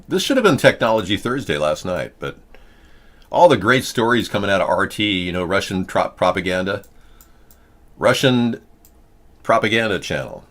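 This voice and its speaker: A man's voice: low voice, big pitch swings, moderate pace, pauses often, a bit bright. A man hosting a casual political talk show, rambling from story to story with a joking, sarcastic manner. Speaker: host.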